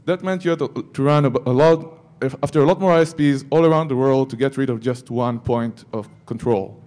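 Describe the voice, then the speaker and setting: A man's voice: mid-range voice, fairly quick, darkish tone. A man giving a security conference talk, breaking into joking asides to the audience. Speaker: conference speaker.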